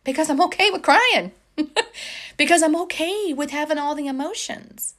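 A woman's voice: high voice, normal speed, a bit bright. A woman life coach giving casual, encouraging advice to viewers, chatty with many fillers.

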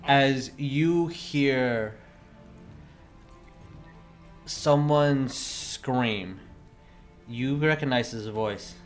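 A man narrating as the game master of a tabletop game, in a slow, halting way with many fillers. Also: medium pitch, faint music behind. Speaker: dungeon master.

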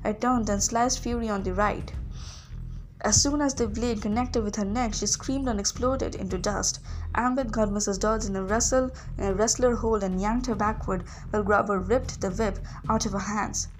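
A woman reading a novel aloud as a first-person narrator, lively, with occasional small slips. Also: medium pitch, moderate pace, soft background music. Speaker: audiobook reader.

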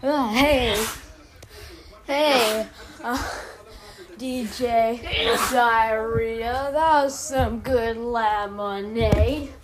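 A woman rambles through a silly home podcast in an unhurried, slightly high voice. She is goofy and playful. The recording is noisy, with clicks. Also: fairly even intonation. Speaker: podcast host. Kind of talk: silly improvised kid podcast.

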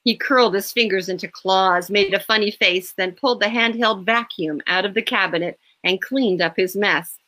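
A woman author reading a first-person scene from her own novel, expressive and lively. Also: mid-range voice, normal speed, few pauses.

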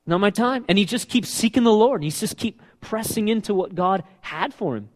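A man preaching a sermon as pastor, animated and asking his listeners questions. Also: sits high, fairly quick. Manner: animated, asks the congregation questions. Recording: long reverb of a hall.

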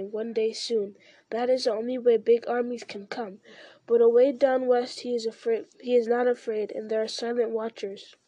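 A woman's voice: on the high side, warm tone, no echo, natural voice. A woman reading aloud and voicing a wretched, sly male creature who hisses and wheedles. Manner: hissing, wheedling, slow.

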